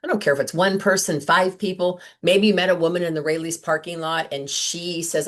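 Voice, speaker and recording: A woman sales director giving a chatty, upbeat training talk to her team on a video call, full of asides and quick questions. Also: fairly low pitch, steady tone. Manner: chatty, upbeat, lots of "like" and "right?". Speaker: sales director coaching consultants.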